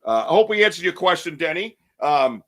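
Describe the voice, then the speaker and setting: A man hosting a podcast, chatting in an animated, joking way and swearing casually. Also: on the high side, brisk. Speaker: podcast host. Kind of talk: casual chat.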